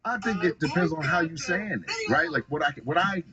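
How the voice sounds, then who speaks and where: A man's voice: fairly high pitch, brisk, over a noisy crowd. A young adult man from the Pacific Northwest, a stand-up comedian telling stories in a casual interview, acting out voices and laughing a lot. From Tacoma, Washington. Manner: animated storyteller who acts out voices and laughs a lot.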